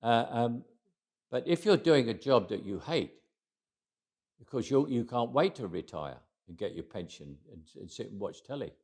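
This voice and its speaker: A man's voice: medium pitch, expressive, normal speed, darkish tone. Older English man telling stories. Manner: anecdotal, frequent restarts, dry humor. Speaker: interviewee. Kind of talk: reflective interview talk.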